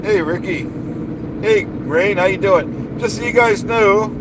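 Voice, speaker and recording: A man's voice: high-pitched, a little slow. Boastful man ranting over noisy background. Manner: boastful, indignant, repeats himself. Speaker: live streamer. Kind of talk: ranting live stream.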